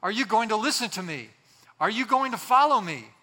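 A man's voice: high-pitched, animated, a little fast, bright, forceful tone, voice pushed up. A man voicing an earnest, pleading teacher. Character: calm earnest teacher addressing a governor, adult man. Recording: long hall reverb.

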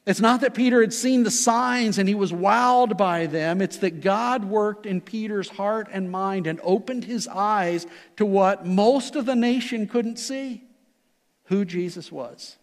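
A pastor preaching a sermon in an earnest, emphatic manner that rises and falls. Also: male voice, sits high, measured pace, big-room sound. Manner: earnest, emphatic preaching with rising and falling delivery.

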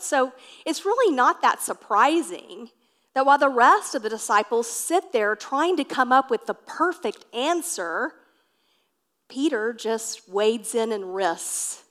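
A woman's voice: a little high, fairly bright tone. Woman pastor telling a story. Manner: storytelling, addresses listeners as friends. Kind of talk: sermon.

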